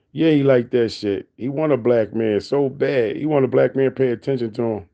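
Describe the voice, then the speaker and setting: A man's voice: mid-range voice, normal speed, few pauses, dark tone. A man on a casual livestream, reading and answering his chat in a teasing, mocking way, laughing often.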